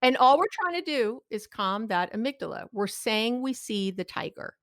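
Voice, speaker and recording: A middle-aged woman speaking as a guest expert in an interview, explaining her ideas in an animated way and acting out the people she quotes. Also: normal speed, no echo, studio quality. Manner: acts out quoted people with big pitch jumps. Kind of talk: animated advice-giving interview talk.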